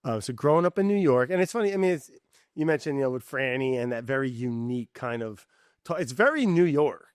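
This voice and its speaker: A man's voice: mid-range voice, animated, a little fast, clear, resonant tone, no echo. Brief: easygoing male podcast host, rambling and casual, dry close sound. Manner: laid-back, rambling, says "man" and "you know".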